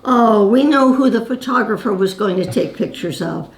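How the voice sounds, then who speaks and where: A woman's voice: mid-range voice, animated, moderate pace, a little hiss or hum. A woman in her nineties telling her own stories to camera in a chatty, reminiscing way, calling the viewer "my dear". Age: 90s. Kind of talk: casual storytelling to camera. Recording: roomy echo.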